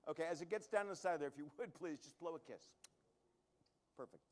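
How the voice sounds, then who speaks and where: With a slightly high, darkish voice, a man works through a comedy magic show live in a showroom, joking with the crowd and throwing in quick asides as he does his tricks.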